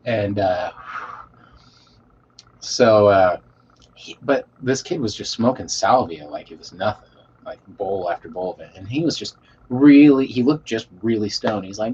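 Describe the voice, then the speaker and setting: A man telling a rambling story to a live chat, swearing a lot and trailing off into quiet mumbles. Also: on the low side, normal speed. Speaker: streamer reading chat. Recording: dull lo-fi mic with faint hiss.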